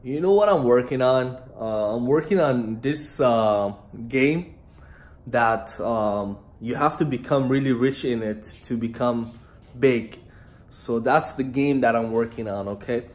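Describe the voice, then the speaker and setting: A man's voice: mid-range voice, measured pace, a little mellow. A young man from Iran, talking to camera in a loose, rambling vlog and often laughing. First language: Farsi. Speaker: vlogger. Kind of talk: casual rambling monologue to camera.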